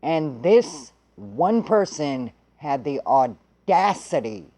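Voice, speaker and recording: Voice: medium pitch, very animated, slow, dark tone. A vlogger telling a story in a blunt, heated way and swearing freely. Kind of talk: casual profane storytelling.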